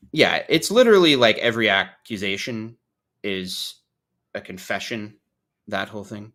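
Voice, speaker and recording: Male podcast host, casual and profane, animated pitch, self-deprecating humor. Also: moderate pace, pauses often. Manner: joking, profane, self-mocking. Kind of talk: casual chat.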